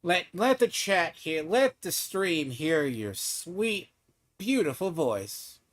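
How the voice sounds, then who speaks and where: Taunting man with a slightly high voice. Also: sing-song, slow. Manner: taunting, mocking, swears freely. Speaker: game streamer. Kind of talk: casual live-stream trash talk.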